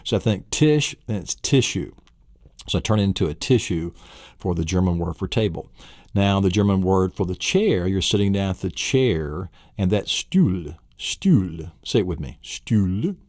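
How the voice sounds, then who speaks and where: A man's voice: deep voice, animated, measured pace, darkish tone, no room sound, clean studio sound. A man from Tennessee with a Southern US accent, teaching vocabulary on a memory-training tape and quizzing the listener with vivid mental images. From Tennessee, USA. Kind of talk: recorded vocabulary lesson.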